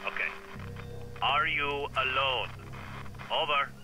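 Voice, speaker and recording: An actor playing a calm control tower operator in a video game, speaking in clipped radio protocol through a radio filter. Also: male voice, mid-range voice, slow, faint music behind, poor audio.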